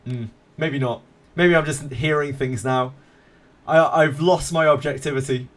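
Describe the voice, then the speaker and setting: A man's voice: medium pitch, steady tone, normal speed. Laid-back self-mocking gaming streamer man. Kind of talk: casual live-stream chat.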